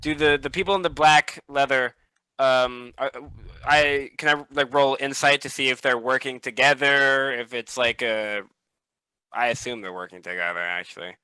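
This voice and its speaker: Bright, crisp-voiced man rambling in play. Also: mid-range voice, fairly even intonation, moderate pace, low-quality recording. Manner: rambling, self-mocking. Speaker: player. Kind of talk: casual game chat.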